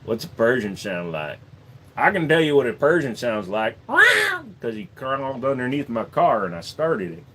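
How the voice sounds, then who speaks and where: A man's voice: mid-range voice, animated, normal speed. Jokey man hosting a livestream. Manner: jokey, slips into accent impressions. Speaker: livestream host. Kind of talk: casual livestream Q&A chat. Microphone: desk microphone.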